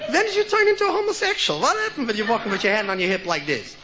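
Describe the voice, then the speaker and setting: A man voicing an excitable friend who shrieks at his buddy in disbelief, on an old lo-fi comedy record. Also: extremely high pitch, very fast, noisy background, pitched above the performer's own voice, heavily acted. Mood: incredulous. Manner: shrieking, incredulous.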